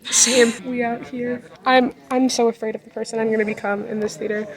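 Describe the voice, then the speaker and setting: A woman's voice: fairly high pitch, little pitch movement, brisk, poor audio. A young woman in her twenties vlogging in casual chat, gushing and giggly, filling her talk with "like" and "literally", recorded on a phone at arm's length. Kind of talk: casual excited vlog chat.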